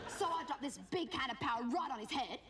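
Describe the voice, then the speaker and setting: A woman with a high-pitched, expressive, fairly quick voice portrays a gossipy, cheeky Australian schoolgirl in a live comedy monologue, nasal and whiny and fond of "like" and "guess what". Faint music plays behind her, and a distant stage mic catches loud audience laughter.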